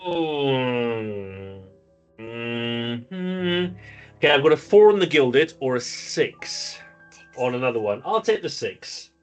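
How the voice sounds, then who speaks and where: A man's voice: medium pitch, big pitch swings, slow pace, clear, resonant tone, soft background music. A man playing a tabletop role-playing game, chatting and working out his dice rolls aloud. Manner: chatty, works through dice rules aloud. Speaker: player. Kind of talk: casual tabletop play.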